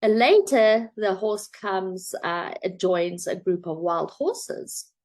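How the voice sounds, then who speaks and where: A woman's voice: mid-range voice, lively intonation, slow, a little mellow. A woman coach telling a parable and drawing a motivational lesson from it, in a chatty storytelling way with some fillers. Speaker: self-help coach.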